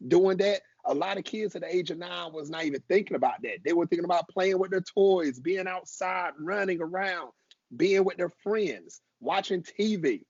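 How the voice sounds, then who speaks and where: A male podcast host with a slightly high, husky voice presses his points, stressing them by repeating words. The sound is dry and a bit dull. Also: darkish tone, no echo. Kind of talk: interview chat.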